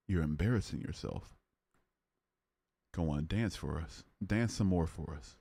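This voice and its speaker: A man's voice: low-pitched, animated, normal speed, a little mellow, dry recording. A young man hosting a live stream, chatting casually with viewers and mocking trolls in the chat. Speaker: livestream host.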